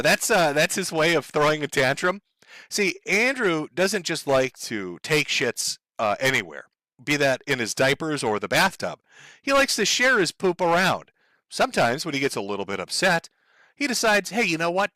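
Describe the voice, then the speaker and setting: A male commentator with a bright, high voice that swings widely as he mocks his subject. He is sarcastic and animated and keeps cracking himself up. The sound is close and dry. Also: normal speed, dry recording. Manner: sarcastic, animated, laughing often. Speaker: online commentary host. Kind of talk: mocking video commentary.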